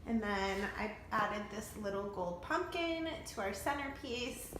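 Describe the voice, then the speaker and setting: A woman's voice: mid-range voice, lively intonation, a little slow, fairly bright tone, echoey room, a little hiss or hum. A young woman in a casual home vlog, chatty and upbeat, talking straight to her viewers as she walks between rooms with a handheld camera. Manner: chatty and upbeat, often says "you guys". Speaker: vlogger.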